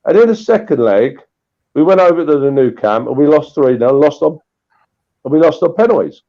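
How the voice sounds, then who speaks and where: A man swapping old anecdotes in a casual chat, animated and full of restarts. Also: a little high, fairly quick, lo-fi sound. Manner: animated storytelling with repeated restarts. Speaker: guest storyteller.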